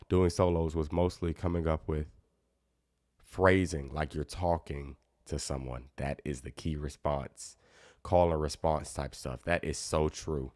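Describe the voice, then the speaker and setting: Very deep-voiced, relaxed guitar teacher. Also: male voice, no room sound, clean studio sound. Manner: relaxed, chatty, reads out viewer comments. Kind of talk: casual live Q&A stream.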